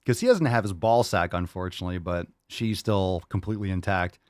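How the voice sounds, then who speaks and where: A man's voice: sits low, fairly quick, darkish tone, no echo, studio quality. A young man hosting a podcast, talking loosely and casually, laughing often and swearing freely. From Florida. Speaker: podcast host.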